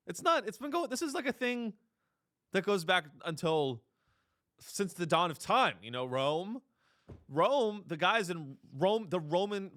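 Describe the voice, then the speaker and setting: Bright-voiced sarcastic male podcast host. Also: high-pitched. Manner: sarcastic, mock-earnest, rambling. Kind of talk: comedic monologue.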